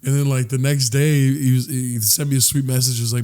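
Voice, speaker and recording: A man's voice: medium pitch, steady tone, fast talker, a little mellow. A young man co-hosting a podcast, telling a rambling, self-mocking story in casual chat. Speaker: podcast co-host.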